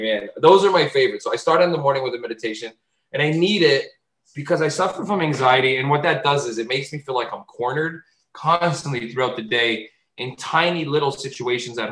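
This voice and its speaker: A man talking casually on a podcast, animated and swearing freely, often jumping into loud high voices to act out bits. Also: fairly quick, echoey room, low-quality recording. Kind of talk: casual chat.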